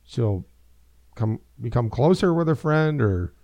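A man's voice: mid-range voice, very animated, measured pace, dark tone, no room sound. A middle-aged man, a father hosting a talk show, musing in a rambling, self-deprecating way and laughing easily. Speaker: radio show host and father. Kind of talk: casual talk-show chat.

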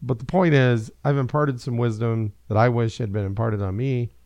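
Gravelly middle-aged male radio host. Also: mid-range voice, fairly even intonation, moderate pace, darkish tone, no echo. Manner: rambling, self-deprecating, laughs easily. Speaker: radio show host and father. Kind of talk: casual talk-show chat.

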